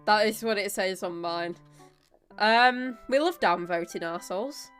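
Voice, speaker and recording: A woman's voice: medium pitch, unhurried, fairly bright tone, faint music behind. A woman with a Northern English accent, joining a casual stream chat with brief, dry remarks. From north of England. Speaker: stream guest.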